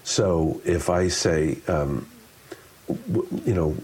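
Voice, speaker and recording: A man's voice: sits low, very slow. A man explaining public speaking as an interview guest, talking expressively and demonstrating different ways of saying things. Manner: expressive, demonstrates with shifting delivery.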